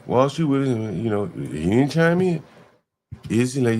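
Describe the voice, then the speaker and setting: A man's voice: medium pitch, sing-song, a little slow, a little mellow. A man hosting a livestream, talking emphatically in repeated rhetorical questions. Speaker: livestream host. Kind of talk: ranting livestream commentary.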